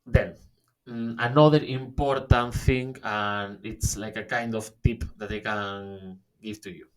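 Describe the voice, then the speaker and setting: Slow-talking man giving a webinar. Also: on the low side, steady tone. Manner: halting, many fillers and restarts, says "okay?" often. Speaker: webinar presenter. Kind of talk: online workshop talk.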